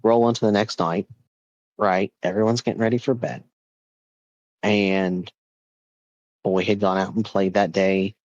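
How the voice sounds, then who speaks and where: Low-voiced man telling a ghost story. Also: little pitch movement, measured pace, long pauses, darkish tone, no echo, muffled recording. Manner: rambling, with many repeats and fillers. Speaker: podcast host.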